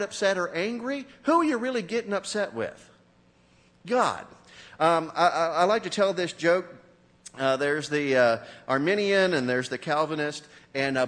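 A man's voice: on the high side, big-room sound. A man preaching a sermon as pastor, joking and talking directly to his congregation in a church. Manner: animated, joking, talks to the congregation.

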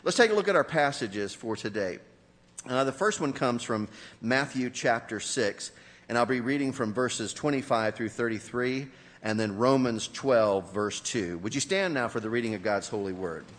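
Lively, joking male pastor preaching. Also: medium pitch, moderate pace, long reverb tail. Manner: animated, joking, talks to the congregation. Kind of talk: sermon. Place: church.

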